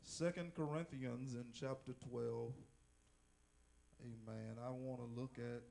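A man's voice: mid-range voice, gravelly, darkish tone. A male minister, preaching in a church and exhorting the congregation with call and response. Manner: exhorting the congregation, drawn-out phrasing. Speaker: guest minister. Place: church sanctuary.

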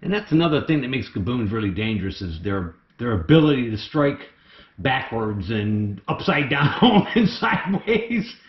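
A man keeping snakes, talking through a casual how-to vlog in an excitable, chatty way. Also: mid-range voice, moderate pace. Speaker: snake keeper. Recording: echoey room, dull lo-fi sound.

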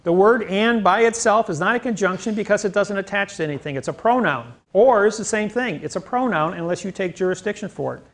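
A man's voice: high voice, a bit bright. A middle-aged man lecturing an audience, explaining his ideas emphatically and speaking to them directly. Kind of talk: lecture on language and law.

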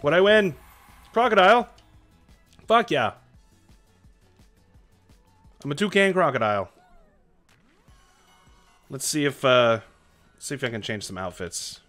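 A man streaming a video game live, reacting excitably and chatting to his viewers. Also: medium pitch, moderate pace, pauses often, soft background music. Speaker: Twitch streamer.

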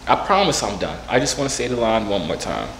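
A man's voice: fairly low pitch, very animated, fast talker. A man in his twenties joking and teasing strangers in a casual video chat. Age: 20s. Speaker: vlogger. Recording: echoey with loud noise.

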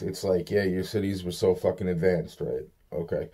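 A man's voice: deep voice, moderate pace, dark tone, breathy edge. A man giving a rambling, profane solo rant, exasperated and repeating himself often. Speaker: vlogger.

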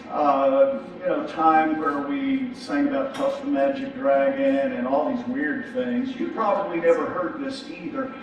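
A middle-aged pastor preaching in a loose, conversational way, often stumbling over repeated words. His voice sits high for a man. It is recorded from a distance in a big, very echoey sanctuary, with a faint hum of room ambience underneath. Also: gravelly. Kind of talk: sermon. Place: large church sanctuary. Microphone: distant from the mic. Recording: echoey church hall from far off.

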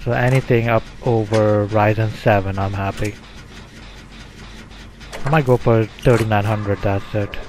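A man from the UK, hosting a casual online chat while gaming, talking in a relaxed, rambling way with many fillers. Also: lowish voice, a little slow, long pauses. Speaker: streamer host.

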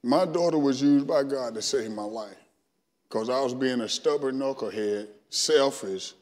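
Speaking a little slowly and somewhat mellow at a medium pitch, this middle-aged Southern-accented Alabaman shares his testimony as a guest preacher in a sermon, voicing his own past conversations. Long reverb from the church sanctuary fills the recording.

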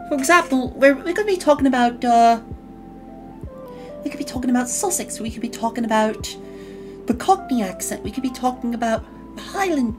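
A woman's voice: a little high, lively intonation, moderate pace, music in the background. A woman hosting a casual podcast, explaining with emphasis. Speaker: podcast host. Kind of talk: casual chat.

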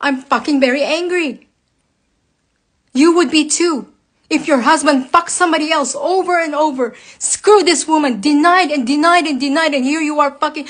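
A woman with a notably high voice talks straight to camera, blunt and impassioned. Her speech is heavily profane and personal, in the manner of an unscripted rant to her followers. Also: moderate pace. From United States. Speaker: vlogger speaking to viewers.

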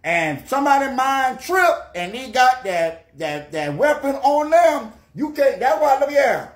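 Guy doing an old geechee granddaddy, rambles and stutters, lively up and down voice, echoey room. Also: extremely high pitch, a little slow, full character voice. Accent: Gullah Geechee. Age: older. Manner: rambling, stammering repeats.

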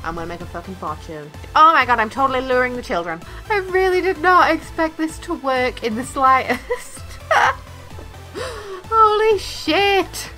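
A woman's voice: sits high, big pitch swings, normal speed, pushed and bright, faint music behind. A woman hosting a let's play, giving casual gameplay commentary with blunt, profane jokes and frequent giggling.

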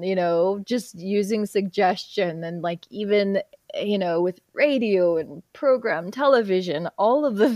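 A woman's voice: on the low side, no room sound, studio quality. A woman guest, a hypnotherapist, telling a story in casual chat, laughing often and acting out the people she quotes. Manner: laughs often, animated retelling with quoted voices.

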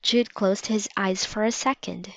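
A woman narrating a children's storybook aloud in a calm, measured way. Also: mid-range voice, vocal fry, no echo. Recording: slightly dull lo-fi recording.

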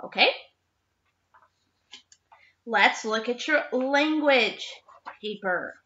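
Slow-talking teacher woman reading aloud. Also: a little high, lively intonation, sharp tone, echoey room, highs cut off, slight background noise. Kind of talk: remote classroom lesson for young children.

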